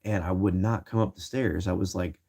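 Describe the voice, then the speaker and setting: Young male vlogger, early twenties, rambling slangy storyteller, lowish warm voice. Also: fairly even intonation, fairly quick, vocal fry, husky. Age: 20s. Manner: slangy, rambling, many fillers and restarts. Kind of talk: casual storytelling to camera.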